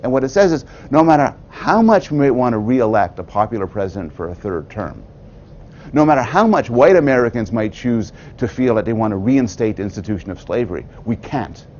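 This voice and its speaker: Animated man giving a thoughtful lecture. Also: mid-range voice, dull audio. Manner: animated, thoughtful, with wry asides. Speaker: public lecturer. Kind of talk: prepared talk to an audience.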